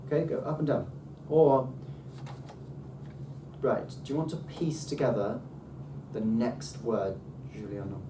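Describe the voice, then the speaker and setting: A man teaching a casual language lesson with enthusiasm, often pausing on ums and restarting his sentences. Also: on the low side, lively intonation. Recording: roomy, distant mic, faint background noise.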